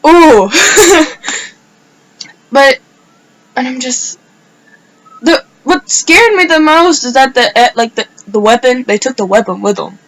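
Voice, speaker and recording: A high-voiced woman shares a personal anecdote on her casual vlog, taking her time and leaving long pauses. The recording is rough, and her rambling storytelling leans heavily on "like."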